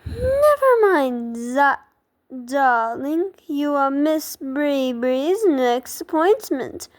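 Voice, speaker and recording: A woman's voice: sits high, very animated, drawn-out words, exaggerated voice. A woman voicing a bossy little girl pretending to be a fancy hairstylist, in a fake French accent, gushing and calling everyone darling.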